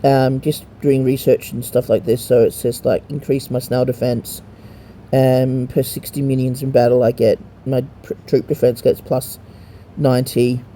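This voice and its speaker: A man's voice: medium pitch, little pitch movement, moderate pace, warm tone, slight background noise. A man casually walking a friend through a mobile game, rambling and hesitant with lots of ums and restarts, and swearing now and then. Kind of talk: casual gameplay walkthrough.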